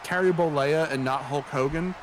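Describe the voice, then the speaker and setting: A man's voice: on the high side, moderate pace, slight background noise. A man hosting a game stream, chatting in a jokey, rambling way. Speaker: streamer host. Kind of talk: casual gaming stream chat.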